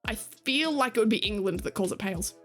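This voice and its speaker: A woman's voice: mid-range voice, expressive, a little fast, fairly bright tone, faint music behind. A woman streaming, chatting with her viewers in a casual way, laughing often and swearing casually. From Australia. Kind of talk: casual chat reading stream chat.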